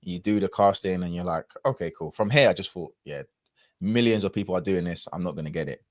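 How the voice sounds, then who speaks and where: A man's voice: low voice, fast, dry recording, clean studio sound. A man, a podcast guest telling a personal story in a casual, reflective way with lots of fillers and restarts.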